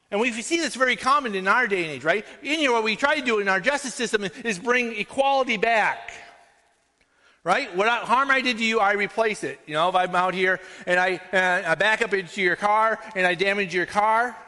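A man's voice: high voice, pushed and bright. A man preaching a sermon as pastor, talking conversationally and often checking in with "right?". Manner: conversational, frequent "right?" asides. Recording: long hall reverb.

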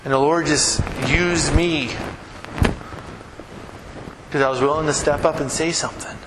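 A man preaching a sermon as a pastor, telling a story with lively rises in pitch when he gets excited. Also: a little slow, heavy background noise. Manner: animated storyteller, voice climbs high when excited. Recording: echoey hall with long reverb and faint ambience.

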